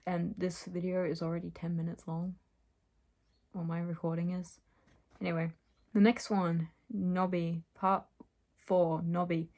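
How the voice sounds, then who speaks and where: A woman's voice: fairly low pitch, level tone, a little slow, pauses often, warm tone. A young woman reading aloud stories she wrote as a child, breaking off for giggly, self-mocking asides. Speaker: reader of her childhood stories.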